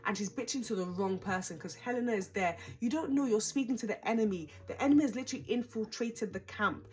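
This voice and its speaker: A woman's voice: medium pitch, expressive, fast talker, few pauses. A young woman casually recapping a reality show, chatty, dramatic and exasperated.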